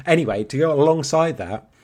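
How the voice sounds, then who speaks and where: Fast-talking man on a podcast. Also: fairly high pitch, animated, darkish tone. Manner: swears freely, chatty and rambling. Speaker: podcast co-host. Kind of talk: casual chat.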